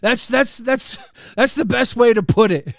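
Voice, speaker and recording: A man's voice: very high voice, measured pace, creaky, no room sound, studio quality. A man co-hosting a casual livestream chat, laughing often, swearing and reading viewer messages aloud. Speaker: co-host.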